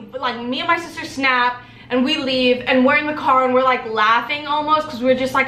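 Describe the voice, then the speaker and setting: A young woman telling a profane story in a casual vlog, acting out the dialogue with animated quoted voices. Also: sits high, normal speed, hardly any pauses, distant mic, a little hiss or hum. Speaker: vlogger. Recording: roomy echo, a bit off-mic, faint ambience.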